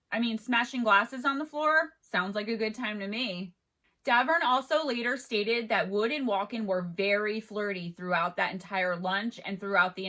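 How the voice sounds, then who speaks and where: Bright chatty woman retelling a case. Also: fairly high pitch. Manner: chatty, adds personal asides. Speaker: true-crime video host. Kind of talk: casual storytelling narration.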